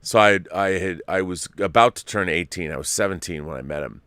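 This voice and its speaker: Bright, clear-voiced man in his fifties. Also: low voice, fairly quick, dry recording, clean studio sound. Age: 50s. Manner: animated, profane storyteller. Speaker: show host. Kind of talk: casual podcast chat.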